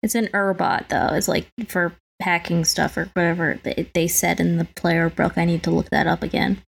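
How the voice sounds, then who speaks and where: A woman's voice: on the low side, little pitch movement, normal speed, creaky, slightly rough. A woman chatting casually as a player in a tabletop game, talking with lots of fillers. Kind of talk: casual chat while playing.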